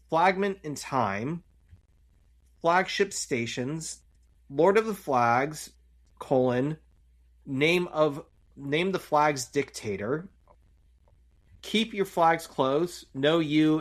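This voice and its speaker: A man's voice: on the high side, fairly bright tone. A male podcast co-host recapping a sitcom episode in loose, casual chat. He rambles a little and leans on fillers as he walks through each scene.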